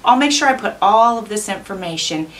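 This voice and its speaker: A woman's voice: medium pitch, expressive, a little fast, a bit bright. Woman vlogger oohing over journal goodies, kinda distant mic, light hiss behind. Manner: gushing, enthusiastic, chatty. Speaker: craft channel host. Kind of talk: unboxing narration.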